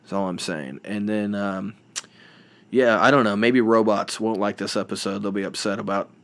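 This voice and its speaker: A man's voice: on the low side, moderate pace. A young man hosting a solo podcast, rambling and self-deprecating with lots of restarts and fillers. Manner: playful mimicking of reality show voices. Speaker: podcast host.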